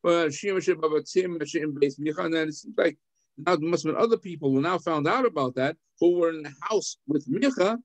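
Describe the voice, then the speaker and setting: An older man, a rabbi, teaching an adult class on a scripture text, reading phrases and explaining them with lively acted-out dialogue. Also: a little high, a little fast, no echo. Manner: animated, acts out the characters' lines.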